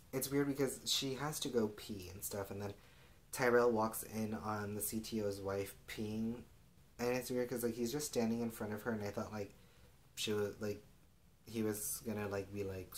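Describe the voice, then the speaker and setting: A man's voice: fairly low pitch, slight background noise. A young man casually recapping a TV episode in a sassy, gossipy way, saying "like" constantly. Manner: sassy, gossipy, heavy use of "like". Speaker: TV recap vlogger.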